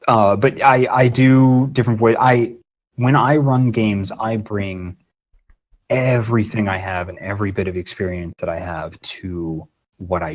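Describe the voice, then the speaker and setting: A man with a somewhat low voice gives a rambling, casual interview as a guest. He swears freely in a loose, easygoing way. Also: low-quality recording. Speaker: guest voice actor and game master.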